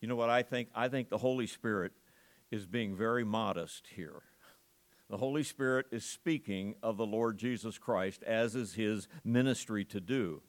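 A male pastor preaching a sermon at a church service, emphatic and full of rhetorical questions to his congregation. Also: mid-range voice.

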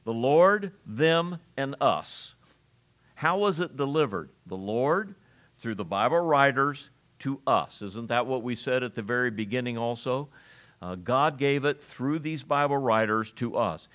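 A man preaching an expository sermon at an ordinary middle pitch. He talks emphatically and slows down hard on the words he wants to land. When he reads scripture, he uses its old-fashioned wording. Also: animated, fairly bright tone. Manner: emphatic, slows down to stress key phrases.

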